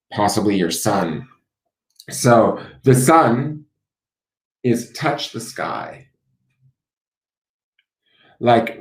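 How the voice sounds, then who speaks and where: A man with a somewhat low voice gives a live-streamed tarot reading, musing his way through the cards. He pauses on fillers and keeps checking in with "right?". The sound carries a noticeable room echo. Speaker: tarot reader.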